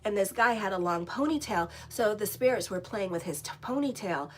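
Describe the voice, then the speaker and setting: A woman astrologer telling a story in a casual, animated way, blunt and swearing freely as she rambles. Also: medium pitch, brisk, slight background noise. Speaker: astrologer and tarot reader.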